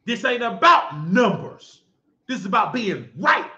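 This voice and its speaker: A man hosting his own show, ranting in a preachy, scolding monologue with shouted outbursts. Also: high-pitched, big pitch swings, a little slow. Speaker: show host. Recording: dull lo-fi sound in an echoey room.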